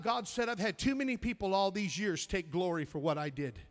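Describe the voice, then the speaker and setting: A middle-aged man preaching a fervent sermon, swinging from loud exclaiming to soft, near-whispered storytelling, repeating words when moved. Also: sits high, lively intonation, fairly quick.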